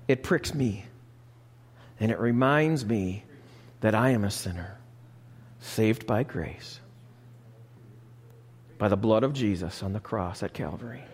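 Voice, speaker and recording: A man's voice: fairly low pitch, slightly rough, big-room sound. A man preaching a sermon as pastor, emphatic, reading scripture and asking the congregation questions, recorded live in a church sanctuary.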